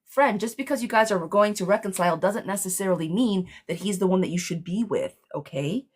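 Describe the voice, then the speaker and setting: A woman's voice: mid-range voice, fairly quick, darkish tone, slightly rough. A woman giving a live-streamed tarot reading in a chatty, blunt way, speaking straight to the viewer. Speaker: tarot reader.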